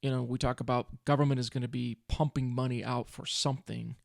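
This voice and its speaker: Gravelly male podcast co-host. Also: mid-range voice, level tone, a little fast, dry recording, studio quality. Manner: chatty, explains with restarts. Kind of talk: casual chat.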